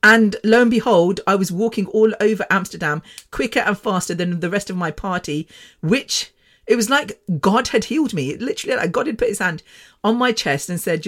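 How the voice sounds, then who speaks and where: A woman's voice: mid-range voice, lively intonation, a little fast, a bit bright. A woman in her fifties hosting a podcast, telling a story in a rambling, chatty way with frequent laughter and the odd swear word. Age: 50s. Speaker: podcast host. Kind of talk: casual storytelling.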